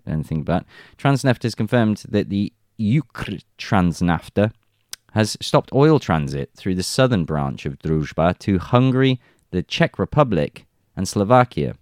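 A man's voice: on the low side, big pitch swings, a little slow, darkish tone, no room sound, clean studio sound. A man reading news reports aloud and adding wry, chuckling remarks in casual commentary. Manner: reads reports then jokes and chuckles.

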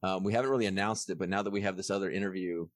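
Lively Texan man telling stories. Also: low voice, no echo, clean studio sound. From Texas. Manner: animated storytelling with quick put-on voices. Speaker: podcast host. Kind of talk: casual chat.

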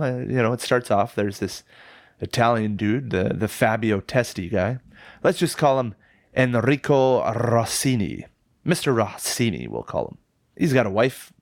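A man chatting on a podcast, mid-pitched and close to a dry mic. He tells the story with lots of jokes and swearing and gets worked up as he goes. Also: dry recording. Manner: jokey, profane, excitable storytelling. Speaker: podcast co-host reviewing films. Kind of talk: casual podcast chat.

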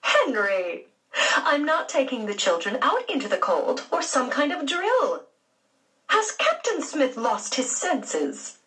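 A woman's voice: sits high, huge pitch swings, slow, a bit bright, far from the mic, pitched above the performer's own voice, heavily acted. A woman voicing a stern, exasperated middle-aged aunt in a storybook reading. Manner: exasperated, haughty.

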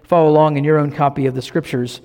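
A male pastor with a Southern American accent delivers an earnest, teaching sermon. His voice sits a little high for a man, and he slows down to lean on key phrases. The sound rings with the long reverb of a church hall. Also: steady tone, dark tone.

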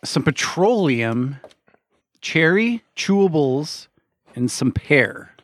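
A man in a casual group chat, calmly listing tasting notes and moving things along. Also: on the high side, slow pace, no echo, studio quality. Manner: methodical, moves the tasting along. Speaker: tasting panelist.

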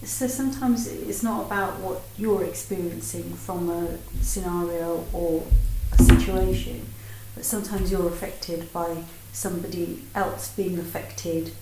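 A woman with a low, mellow voice asks a question in a group discussion, pausing to find her words. She sounds far from the mic, in an echoey room. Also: fairly even intonation, slight background noise. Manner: thoughtful, searching for words. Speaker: student in discussion.

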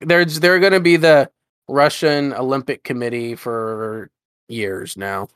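A man's voice: mid-range voice, slow, fairly bright tone, smooth, no echo, clean studio sound. Laid-back man co-hosting a podcast. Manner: laid-back, short agreeing replies. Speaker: podcast co-host. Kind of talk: casual chat.

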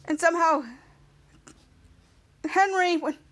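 This woman speaks slowly in a very high-pitched, slightly bright voice with fairly even intonation. Hosting a podcast, she casually recaps an episode scene by scene, rambling and repeatedly using "cut to" and "he's like."

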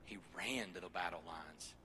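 Preacher in his 30s, jokey casual sermon voice, really bright tone. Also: low-pitched, moderate pace, slight background noise. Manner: joking, lively asides to the congregation.

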